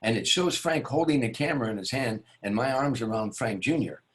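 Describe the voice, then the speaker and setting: A male comedian spins a show-business yarn for an interviewer. His voice sits in an ordinary middle pitch. He rambles and restarts, and slips into the voices of the people in the story. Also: a little fast, a bit bright. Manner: rambling, with many restarts and asides. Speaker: guest, stand-up comedian.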